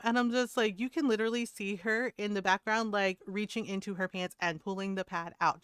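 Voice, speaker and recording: A woman streamer telling a story in casual chat, profane and animated, laughing often. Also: fairly high pitch, normal speed, clean tone, no room sound, clean studio sound.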